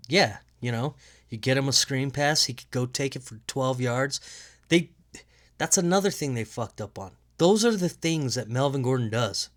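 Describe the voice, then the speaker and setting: A man with a mid-range, slightly bright, nasal voice hosts a laid-back solo sports podcast from his home. He rambles, curses freely and cracks himself up with his own jokes.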